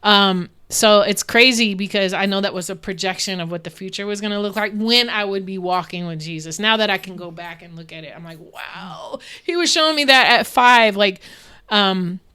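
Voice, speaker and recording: A woman from Dallas with a bright, crisp, smooth voice. She talks as an interview guest, earnest and animated, circling back with restarts as she tells personal stories. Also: medium pitch, a little fast. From Dallas, Texas. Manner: animated, earnest, laughs often, many restarts. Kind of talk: candid interview storytelling.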